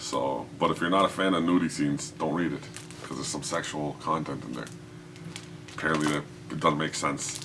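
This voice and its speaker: A man's voice: rumbling low, normal speed, vocal fry, background noise. A man hosting a casual comics podcast, talking in a rambling, profane way and laughing often. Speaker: podcast host.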